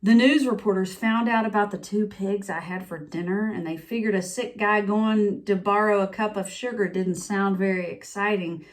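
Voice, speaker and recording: A woman's voice: medium pitch, steady tone, normal speed, few pauses, close to an everyday voice. Self-pitying wolf telling his own side, as a woman reads it aloud; confiding, storybook read-aloud. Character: sniffly, self-pitying male wolf narrator. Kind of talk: picture-book read-aloud.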